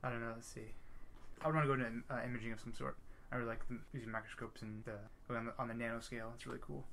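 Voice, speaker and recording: Young guy on a podcast, talks fast, rambly and hesitant, keeps restarting, middle pitch. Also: steady tone, creaky, fairly bright tone, slight background noise. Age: 20s. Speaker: podcast co-host. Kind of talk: casual chat.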